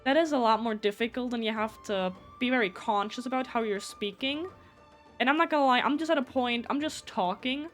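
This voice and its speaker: A woman's voice: a little high, brisk, fairly bright tone, faint music behind. A woman with a German accent, a native German speaker, chatting casually and rambling on a live gameplay stream, swearing often.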